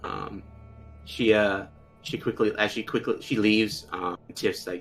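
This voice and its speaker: A man with a lowish voice narrating as game master of a tabletop game. He stumbles along with plenty of ums and restarts. Faint music sits in the background. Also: steady tone, creaky. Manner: halting narration with many fillers.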